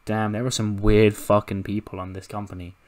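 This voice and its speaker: A man's voice: on the low side, little pitch movement, fairly quick, darkish tone, lightly acted. A man voicing a baffled male celebrity who cannot believe what he is seeing backstage. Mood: incredulous.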